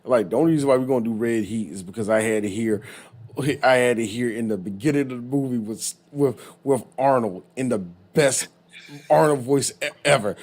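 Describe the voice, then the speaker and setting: A man co-hosting a live podcast, joking around in slangy, animated banter. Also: medium pitch, fairly quick. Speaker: podcast co-host.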